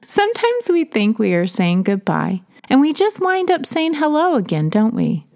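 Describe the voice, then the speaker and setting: Lively woman telling stories. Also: sits high, moderate pace. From Tennessee, USA. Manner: chatty, laughs between stories. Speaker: storyteller. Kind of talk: personal storytelling narration.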